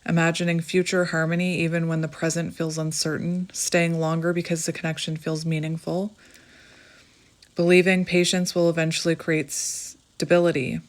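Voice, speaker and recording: Tarot reader, female, lowish voice, earnest and reassuring, talks straight to camera. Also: level tone, moderate pace. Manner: earnest, emotional, reassuring, reads passages aloud. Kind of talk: tarot reading addressed to the viewer.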